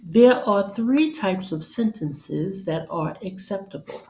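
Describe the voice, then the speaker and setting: Slow, measured woman teaching grammar. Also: medium pitch, lively intonation, a little mellow, a little hiss or hum. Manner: measured, deliberate, instructional. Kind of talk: scripted grammar lesson narration. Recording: roomy echo.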